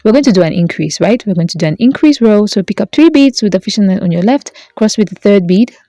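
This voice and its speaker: A woman's voice: mid-range voice, lively intonation, fast, mellow, no room sound, clean studio sound. A woman hosting a beading tutorial, chatty and playful, talking straight to her viewers as she works. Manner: playful, talks straight to viewers, jokes and self-corrects.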